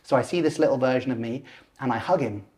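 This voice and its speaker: A man in his forties, a lucid dreaming teacher and podcast guest, telling a personal story in an animated way. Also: medium pitch, quick pace. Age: 40s. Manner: animated, acts out voices and gestures while telling.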